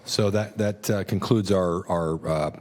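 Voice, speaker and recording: A man's voice: deep voice, fairly even intonation, measured pace, a loud crowd, heavy background noise. A man chairing a county board meeting, speaking firmly and procedurally with hesitant fillers.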